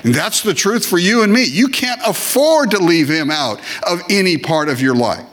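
Speaking at a moderate pace in a high, expressive, fairly bright voice, this pastor gives an emphatic sermon full of repeated phrases. Every so often he acts out short comic voices, playing both worshippers and God.

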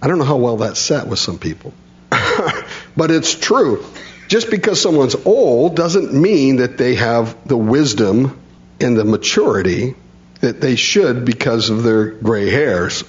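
A man's voice: mid-range voice, highs cut off. A man preaching a sermon, reading scripture and explaining it in a folksy way, often chuckling.

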